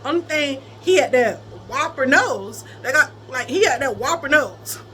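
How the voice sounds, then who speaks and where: A young adult woman in casual storytelling chat, animated, often laughing and breaking into high squeals. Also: moderate pace, slight background noise. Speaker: vlogger telling a personal story.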